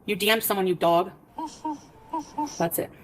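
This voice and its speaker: A woman on a casual livestream, rapidly recounting a quarrel by reading out her text messages. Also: medium pitch, fairly even intonation, low-quality recording.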